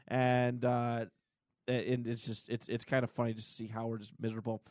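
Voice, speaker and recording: A man's voice: medium pitch, little pitch movement, fairly quick, a little mellow, no room sound, studio quality. Casual male comic podcast host. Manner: retells comic scenes with laughs and filler. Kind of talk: casual chat.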